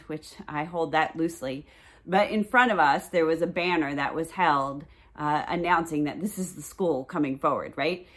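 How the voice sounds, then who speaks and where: A woman in her forties leads a relaxed Bible study. She talks in a chatty, conversational way and reads passages aloud. Her voice sits a little low. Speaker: Bible teacher. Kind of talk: casual Bible study talk.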